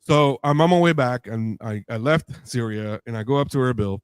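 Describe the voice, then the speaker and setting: A man's voice: mid-range voice, moderate pace, smooth, no room sound. A man telling a long anecdote in casual podcast chat, acting out the voices he quotes. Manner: animated storyteller, acts out quoted voices with laughs.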